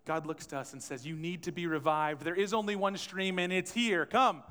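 A man's voice: sits high, fairly even intonation, moderate pace, fairly bright tone, clean tone. A man preaching a conversational sermon as pastor, acting out quotes and asking the room questions. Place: church sanctuary. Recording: long church hall reverb.

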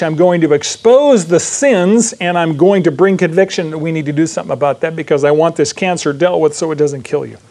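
Male Bible class teacher, high-pitched, lively preaching with questions to the class. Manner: lively, asks the class questions and acts out quick asides. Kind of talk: Bible study sermon.

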